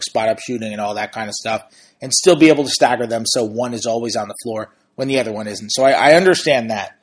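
A man, a sportswriter and podcast host, talking through team stats and standings in an analytical, conversational way. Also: medium pitch. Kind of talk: casual sports commentary.

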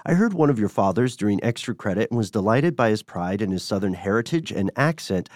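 A man's voice: on the low side, animated, fast talker, darkish tone, dry recording, studio quality. A man from Tennessee co-hosting a podcast, reading listener mail and chatting in an easygoing way, laughing often. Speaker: podcast co-host. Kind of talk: casual podcast chat.

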